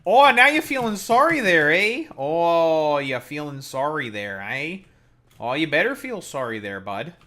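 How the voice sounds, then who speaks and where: A man's voice: a little high, big pitch swings, a little slow, pushed and bright, voice pushed up, heavily acted. A man putting on an exaggerated mock Canadian accent, playing a scolding stereotypical Canadian man in a teasing, sing-song way. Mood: mock-stern.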